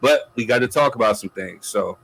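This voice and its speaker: Male host, casual chat, relaxed filler-heavy delivery, mid pitch. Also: brisk, creaky, breathy edge, rough recording. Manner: laid-back, loose, repeats "you know what I'm saying". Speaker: podcast host.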